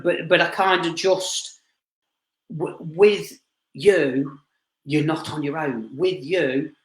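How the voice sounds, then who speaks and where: Halting man in a roomy space. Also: on the high side, a bit bright. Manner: halting, full of restarts and repeated fillers. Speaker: spirit medium. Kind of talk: live spirit reading to an audience member. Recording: roomy echo.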